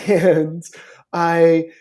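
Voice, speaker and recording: A man's voice: fairly high pitch, drawn-out words. Man telling stories in a podcast interview. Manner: storytelling, animated quoting of others. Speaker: talent manager.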